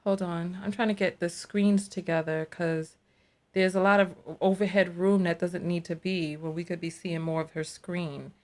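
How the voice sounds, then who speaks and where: A woman's voice: fairly low pitch, fairly even intonation, normal speed, darkish tone. Chatty woman doing live reaction commentary. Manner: chatty, talks to viewers as y'all, incredulous. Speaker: reaction streamer.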